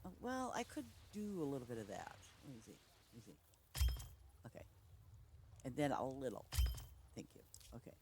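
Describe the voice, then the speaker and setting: A woman's voice: a bass voice, wildly swooping pitch, moderate pace, long pauses, a little mellow, a little hiss or hum. A woman game streamer chatting casually while she plays, rambling through stories with lots of laughter and restarts. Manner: rambling storyteller, frequent laughing, self-interrupting. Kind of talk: casual livestream chat while playing a farming game.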